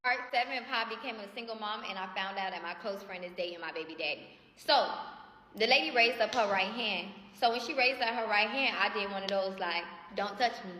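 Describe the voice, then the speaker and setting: A young woman telling a personal story to her followers in a chatty, animated way, often talking to them directly. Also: mid-range voice, a little fast, a little hiss or hum. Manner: animated, chatty, often addresses viewers as y'all. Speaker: storytime creator.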